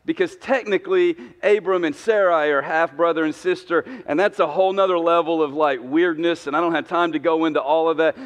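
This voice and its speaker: A man preaching in a church sanctuary, telling stories in a joking, conversational way. His voice sits a little high for a man, and a long hall reverb trails after his words. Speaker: pastor. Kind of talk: humorous sermon.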